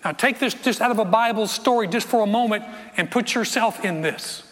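A man preaches a sermon with a strained voice that sits high in his range. He speaks emphatically, repeats words and drops into quiet, intense stretches. His bright tone carries a long hall reverb. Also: a little fast.

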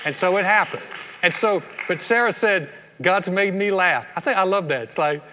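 A man's voice: high voice, lively intonation, brisk, sharp tone, long reverb tail. An older man, a pastor preaching a sermon in a folksy, conversational way with playful asides. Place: church hall.

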